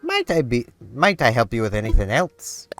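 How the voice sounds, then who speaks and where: A man voicing a fussy, excitable male owl who runs a museum, speaking in pompous, flowery, old-fashioned phrases with gushing exclamations. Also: medium pitch, moderate pace, over music.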